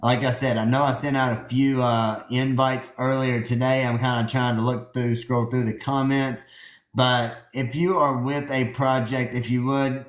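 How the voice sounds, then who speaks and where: A man's voice: mid-range voice, roomy sound. A man with a Southern US accent hosting a crypto project's live audio space, talking earnestly into his phone with lots of fillers and restarts. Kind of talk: casual live-stream talk. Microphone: phone in a holder.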